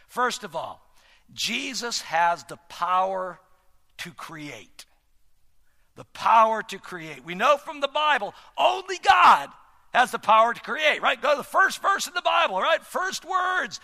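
Man, pastor, sermon, very high lively voice, shouts and hushes, long hall reverb. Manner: dramatic, swings from shouting to near-whispers.

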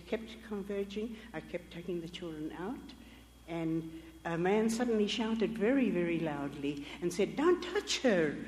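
Older woman, missionary testimony preacher, lively storyteller who acts out quoted voices, long hall reverb. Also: mid-range voice, a little hiss or hum. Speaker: missionary speaker.

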